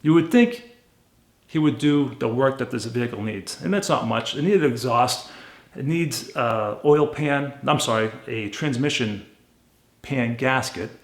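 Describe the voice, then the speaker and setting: Gravelly man telling a blunt story. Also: medium pitch, measured pace. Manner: blunt, animated retelling with quoted dialogue. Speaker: car flipper vlogger. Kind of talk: casual storytelling. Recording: roomy echo.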